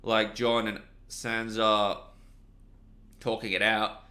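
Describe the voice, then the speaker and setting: In a smooth, lowish voice, a man works slowly through a casual video review of a TV episode. The review rambles, and he's excitable, swearing freely and often correcting himself.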